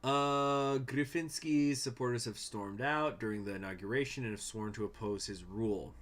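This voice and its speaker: Streaming a strategy game at home, this man has a medium-pitched, slightly bright voice and a moderate pace. His casual commentary mixes reading event text aloud with rambling, joking asides to chat.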